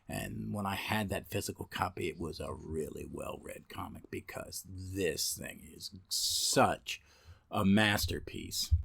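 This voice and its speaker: A man's voice: medium pitch, no room sound, studio quality. A man hosting a comic podcast, talking enthusiastically and reading aloud from a reference book with some restarts. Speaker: podcast host. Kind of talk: casual podcast talk.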